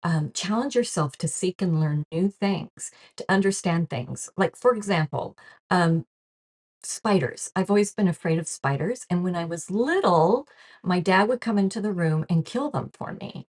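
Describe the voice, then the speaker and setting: A woman's voice: on the low side, animated, moderate pace, darkish tone, husky. A woman giving a casual spiritual talk to camera, earnest and chatty, often laughing and acting out quoted reactions. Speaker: spiritual teacher.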